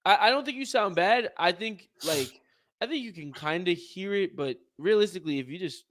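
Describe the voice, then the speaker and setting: A man's voice: sits high, expressive, moderate pace, fairly bright tone, dry recording. A man co-hosting a casual sports podcast, talking emphatically with lots of repeats and laughs. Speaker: podcast co-host.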